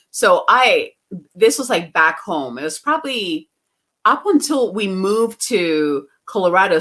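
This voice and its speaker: A woman's voice: lowish voice, bright, forceful tone. A woman guest from outside the US, telling personal stories in a casual, chatty way with frequent laughs and fillers. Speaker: psychic medium guest. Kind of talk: casual interview storytelling.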